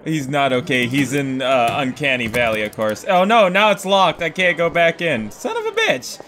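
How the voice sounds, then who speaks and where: A man giving excitable, swearing let's play commentary as a gaming YouTuber, laughing often. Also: mid-range voice, normal speed, a little hiss or hum. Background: game music.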